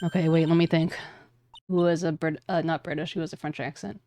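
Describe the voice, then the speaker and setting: A woman's voice: deep voice, steady tone, fairly quick, warm tone, dry recording. Brief: casual female gamer, rambling commentary, faint background music. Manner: rambling, thinks aloud with restarts. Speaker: streamer. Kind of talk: casual let's-play commentary.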